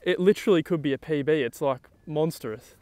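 A young man talking outdoors on the water while fishing, exclaiming excitedly to the camera. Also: a little high, a little fast, no room sound. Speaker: fishing vlogger.

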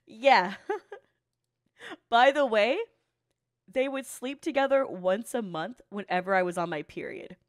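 A woman's voice: fairly high pitch, a little slow, pauses often. A woman giving casual reaction commentary on an anime. She swears freely, laughs often and talks candidly about her own past. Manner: animated and profane, laughs often.

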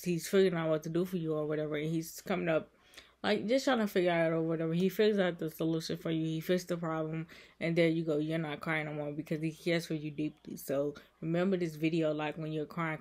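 A woman vlogger with a gravelly, fry-laden voice talks to her viewers in a heartfelt, comforting way. She repeats herself often and keeps her delivery emotional and soothing throughout. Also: deep voice, fairly even intonation, fast, darkish tone. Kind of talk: heartfelt encouraging vlog talk.

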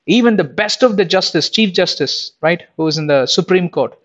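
A man's voice: high voice, expressive, normal speed, a bit bright. A man preaching a Bible lesson in an emphatic way, full of rhetorical questions and repetitions. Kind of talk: sermon. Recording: dull lo-fi recording.

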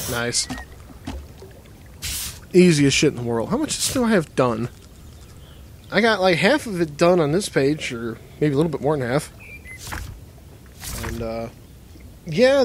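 A man's voice: on the high side, a little hiss or hum. A man giving casual let's-play commentary while he plays, swearing a lot and swinging between muttering and frustrated outbursts. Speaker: gamer playing a game.

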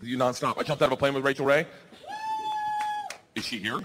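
A man in his forties telling a loud, animated stand-up story before a live audience. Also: medium pitch, fairly quick, noisy background. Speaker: stand-up comedian. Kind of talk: stand-up set.

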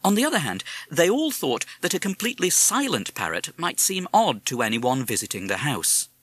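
A man reading a storybook aloud with measured, expressive narration. His pitch moves in a lively way, and his voice is bright and clear. It is recorded close up and dry. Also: no echo. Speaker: audiobook narrator.

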